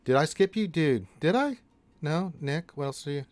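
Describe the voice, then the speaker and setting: A man's voice: on the high side, lively intonation, normal speed, a little mellow, no room sound. Chill gamer dude streaming, says man a lot, dry close mic. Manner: laid-back, slangy, calls people dude and man. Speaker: co-host of a gaming livestream. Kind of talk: casual chat, reading viewer questions.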